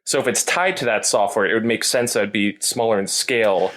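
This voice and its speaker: A man joins a podcast discussion, reasoning aloud in a measured way. His voice sits on the low side. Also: fairly bright tone.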